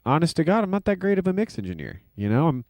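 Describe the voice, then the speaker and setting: A man's voice: a little high, sing-song, fast, a little mellow, no echo. A man hosting a casual livestream, rambling loosely with lots of fillers and self-deprecating asides. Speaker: livestream host and music producer.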